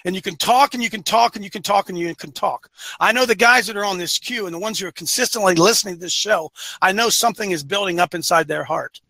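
A middle-aged man hosting a men's ministry show, preaching emphatically, repeating phrases and swinging from quiet to loud. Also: high voice, fast talker, gravelly, no echo, low-quality recording. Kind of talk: preaching-style monologue to listeners.

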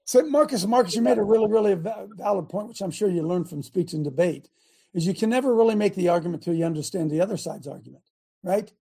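A man's voice: sits high, fast, gravelly, mellow, slightly rough. A man hosting a call-in talk radio show, folksy and emphatic, taking callers.

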